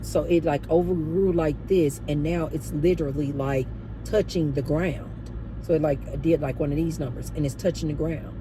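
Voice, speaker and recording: Brief: a chatty woman vlogger with an expressive voice, telling a story straight to her viewers. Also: on the low side, noisy background. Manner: animated, chatty, addresses viewers as "you guys". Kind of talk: storytime monologue.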